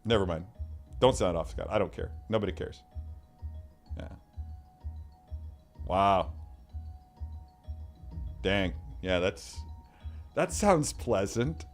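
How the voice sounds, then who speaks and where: A man's voice: low-pitched, big pitch swings, slow, long pauses, soft background music. A man hosting a casual livestream, reading out viewer comments in a chatty way. He often repeats himself and trails off into mumbled asides. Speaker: livestream host.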